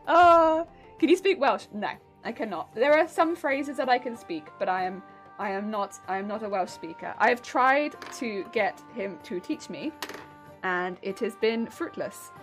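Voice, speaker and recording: A woman's voice: fairly high pitch, fairly bright tone. A woman streamer chatting casually with her viewers, laughing often and restarting her sentences.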